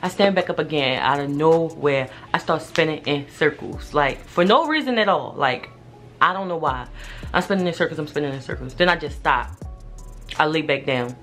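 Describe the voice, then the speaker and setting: A young adult woman telling a personal story in a casual vlog, animated and slangy, swearing freely. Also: low-pitched, normal speed, faint music behind. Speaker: vlogger.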